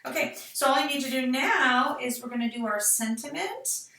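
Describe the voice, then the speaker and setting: A woman's voice: high voice, animated, normal speed, pushed and bright. A middle-aged woman, casually demonstrating card making and chatting to herself as she works. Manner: chatty, talks to herself while working. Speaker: card-making tutorial host. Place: craft room. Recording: echoey room, mic at a distance.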